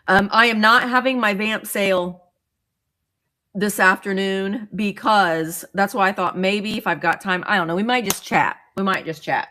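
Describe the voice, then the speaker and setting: A woman's voice: medium pitch, sharp tone. A woman hosting a casual livestream, chatting loosely with viewers, greeting them by name and rambling with frequent restarts. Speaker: vintage seller livestream host.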